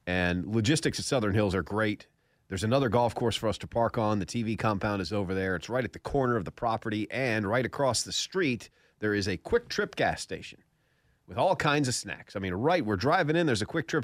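A man's voice: fairly low pitch, lively intonation, fairly quick, no echo, studio quality. A man hosting a golf radio show, telling stories and joking with a scratchy throat. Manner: jokey, laughs often while telling stories. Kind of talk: casual studio chat and storytelling. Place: radio studio.

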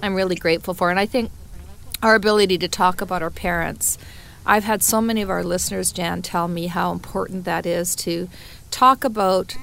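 A woman's voice: on the low side, vocal fry, a bit bright, a little hiss or hum. A middle-aged woman co-hosting a podcast, talking earnestly in casual heartfelt chat, often restarting her sentences. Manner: earnest, restarts and repeats words. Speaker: podcast co-host.

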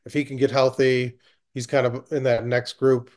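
A man's voice: medium pitch, flat delivery, moderate pace, darkish tone. Hesitant man talking college football. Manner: hesitant, lots of ums and you-knows. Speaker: college football beat reporter. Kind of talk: casual sports chat.

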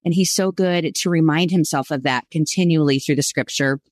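A woman's voice: low voice, a little fast, darkish tone, no echo, clean studio sound. A woman co-hosting a Bible study podcast, explaining scripture with enthusiasm. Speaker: co-host.

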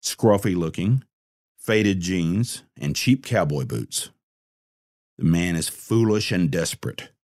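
Male storyteller, deep and unhurried, dry close sound, scripted crime narration. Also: a little mellow, dry recording.

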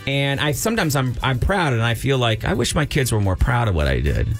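A man's voice: medium pitch, big pitch swings, brisk, soft background music. A middle-aged man hosting a radio show, chatting casually in a loose, rambling way full of joking asides. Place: radio studio.

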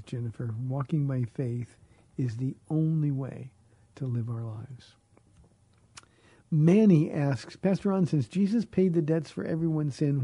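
A middle-aged man pastor answering listener questions on a radio show, speaking earnestly in a husky, very mellow voice. He sits close to a dry studio mic, often doubling words as he finds his phrasing. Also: a little high, no echo. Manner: earnest, repeats words while searching for phrasing. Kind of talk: radio call-in Bible Q&A.

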